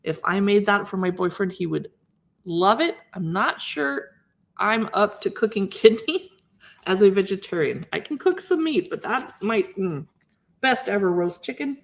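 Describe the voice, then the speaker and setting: A woman's voice: medium pitch, lively intonation, unhurried, vocal fry. A woman hosting a casual live stream, chatting enthusiastically as she flips through cookbooks and muses aloud over recipes. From Seattle area. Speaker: cookbook channel host.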